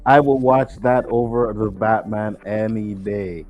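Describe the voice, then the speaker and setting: A man's voice: on the low side, unhurried, dull audio. Blunt, profane man dismissing a movie. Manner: blunt, profane, repeats denials. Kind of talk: casual heated movie debate.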